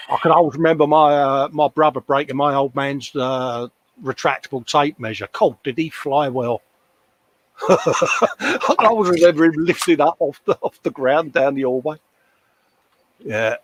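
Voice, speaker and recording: A man's voice: medium pitch, normal speed. An older man chatting casually at his workbench, laughing often and reading out viewer comments. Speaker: co-host. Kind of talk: casual livestream chat. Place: home workshop.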